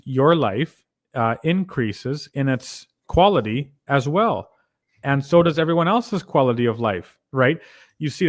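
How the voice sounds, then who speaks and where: A man's voice: mid-range voice, no room sound, clean studio sound. A Canadian man hosting a conversation, explaining ideas in a lecturing way with examples, often checking in with "right?". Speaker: podcast host. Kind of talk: casual conversational commentary.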